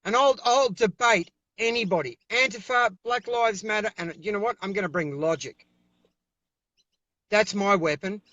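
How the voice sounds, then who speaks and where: A man's voice: sits high, moderate pace, bright, forceful tone, no room sound, muffled recording. An Australian man speaking over a video call as an interview guest, giving fiery, emphatic political talk and repeating himself when worked up.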